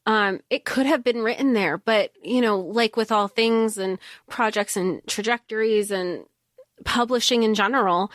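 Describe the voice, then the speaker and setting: A woman's voice: medium pitch, moderate pace, a bit bright, dry recording, clean studio sound. A woman co-hosting a podcast in casual book chat, thinking aloud with many hedges. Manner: thoughtful, hedging, many fillers. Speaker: podcast co-host.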